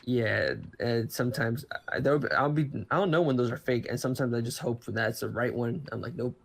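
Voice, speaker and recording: A man's voice: mid-range voice, fairly quick, gravelly. A man chatting casually about laptops, rambling, with many restarts and fillers. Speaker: podcast co-host. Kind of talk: casual chat.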